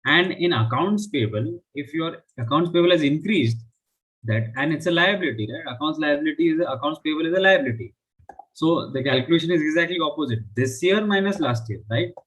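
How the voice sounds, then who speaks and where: A man's voice: fairly high pitch, expressive, moderate pace, a bit bright, low-quality recording. A man teaching a live online finance class, explaining step by step and often checking with "right?". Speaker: finance instructor.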